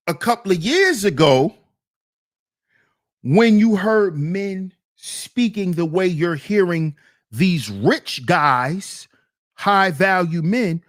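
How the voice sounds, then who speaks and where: A man hosting a solo commentary show, reacting to a clip with teasing, drawn-out rhetorical questions. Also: sits high. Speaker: commentary channel host.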